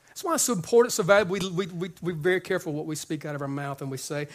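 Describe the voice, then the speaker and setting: High-voiced man preaching a lively sermon. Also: very fast, hardly any pauses. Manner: conversational, joking, repeats words when excited. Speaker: pastor.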